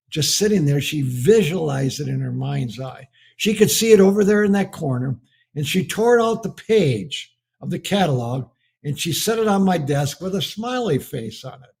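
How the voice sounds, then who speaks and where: A man's voice: a little high, a little mellow, breathy edge. A man preaching a marriage message as a folksy story and chuckling often as he tells it. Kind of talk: storytelling sermon.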